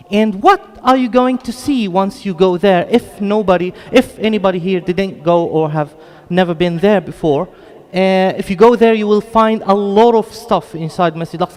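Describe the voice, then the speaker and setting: A man's voice: high voice, darkish tone. A man from Jerusalem with a British-tinged English accent, giving an earnest, chatty lecture to a mosque audience with apologetic asides. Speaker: guest lecturer. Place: large hall at an Islamic center. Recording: long echo of a big hall.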